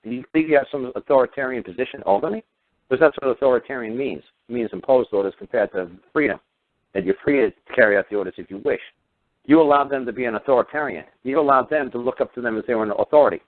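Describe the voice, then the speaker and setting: A male radio host with a medium-pitched voice talks fast, with no room sound, in a heated rant. Sarcastic rhetorical questions and some swearing come one after another, all in tinny phone-line radio audio.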